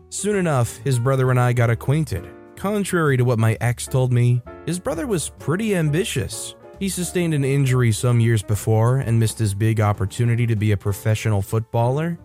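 A man narrating online stories in a steady, matter-of-fact scripted reading. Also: medium pitch. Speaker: story narrator. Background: soft background music.

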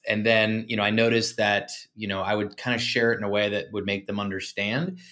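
A man's voice: lowish voice, little pitch movement, fairly quick, pushed and bright. A man who is a guest on a podcast, answering in an easygoing way with frequent fillers. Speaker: guest, social media consultant. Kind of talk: casual interview chat.

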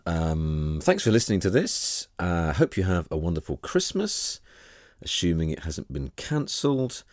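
Deep-voiced teasing male host. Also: very animated, unhurried, no room sound, clean studio sound, soft background music. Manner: playful, teasing. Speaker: podcast host. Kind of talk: casual chat.

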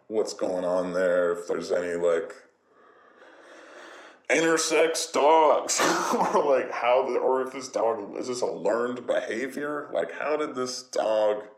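A man rambling casually and jokingly in a relaxed monologue, swearing now and then. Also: mid-range voice. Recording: roomy echo.

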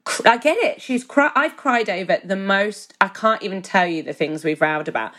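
A woman co-hosting a podcast, telling animated stories in casual chat, with swearing and laughter. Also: mid-range voice, normal speed. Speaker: podcast co-host.

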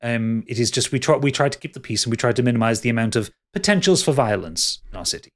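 A man's voice: mid-range voice, lively intonation, quick pace, natural voice. A man voicing a prim, fawning male city concierge who repeats his words. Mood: fussy polite.

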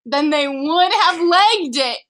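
A young woman with a very high, lively voice chats and teases in a playful way. She laughs easily, and her bright tone bounces around. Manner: playful, quick to laugh, explains things. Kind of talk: casual comedic chat.

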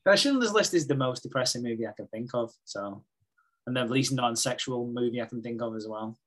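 A man, co-hosting a casual podcast and retelling soap storylines with swearing and quick impressions of the characters. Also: medium pitch, lively intonation. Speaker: podcast co-host recapping a soap. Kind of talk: casual chat.

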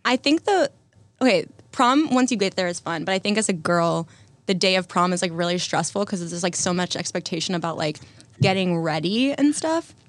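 A woman's voice: lowish voice, lively intonation, normal speed, no echo. A young woman chatting casually as a podcast host, upbeat, with filler words. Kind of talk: casual chat.

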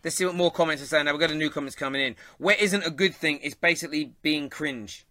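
Man, London accent, football show host, bright voice, slightly high, dry close sound, chatty, laughs a lot. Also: fast, no room sound. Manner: laughs often, banters with chat. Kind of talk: casual live-stream chat.

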